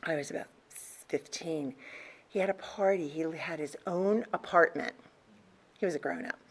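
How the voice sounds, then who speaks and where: An older woman telling her life story to a recovery meeting, candid and conversational, with restarts and soft laughs. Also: low voice, moderate pace, breathy edge. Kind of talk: personal story told to a group.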